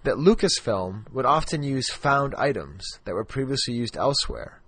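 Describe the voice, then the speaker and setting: A man's voice: medium pitch, big pitch swings, moderate pace, fairly bright tone, dry recording. A man co-hosting a podcast in casual chat, rambling and restarting his sentences with plenty of fillers. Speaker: podcast co-host.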